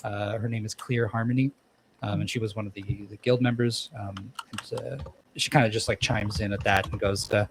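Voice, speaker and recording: A man's voice: lowish voice, fairly even intonation, fairly quick, slight background noise. A man narrating as game master for a tabletop game, rambling with frequent ums and restarts.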